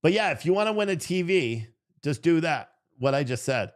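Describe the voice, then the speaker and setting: A man's voice: a little high, expressive, normal speed. A tired man hosting a live stream, rambling through casual commentary and swearing freely. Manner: rambling and profane.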